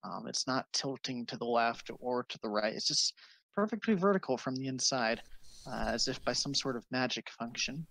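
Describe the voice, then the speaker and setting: A game master describing scenes in a tabletop game, halting often with fillers. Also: medium pitch, vocal fry, a bit bright, rough recording.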